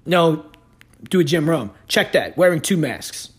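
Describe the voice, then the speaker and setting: A man hosting a podcast, telling stories in a sarcastic, animated rant. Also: fairly high pitch, measured pace, breathy edge. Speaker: podcast host. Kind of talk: casual ranting commentary.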